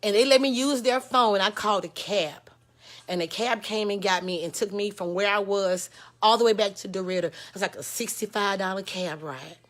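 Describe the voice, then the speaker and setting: A Texas woman, candidly telling a personal story, frank and profane, swinging from loud outbursts to hushed lows. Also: fairly quick. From Houston, Texas. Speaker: host.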